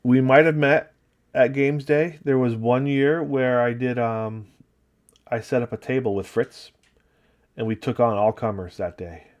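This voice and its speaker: Painting miniatures on a casual livestream, this upstate New York man chats loosely and relaxedly while working and reading viewer comments. He speaks at medium pitch and a measured pace.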